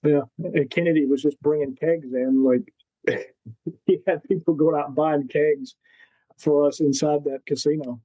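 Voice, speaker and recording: A man's voice: fairly high pitch, unhurried, no room sound, highs cut off. A man, a Marine veteran guest on a podcast, telling war stories in casual chat and acting out what people said. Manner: animated storyteller who acts out quotes. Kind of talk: casual storytelling.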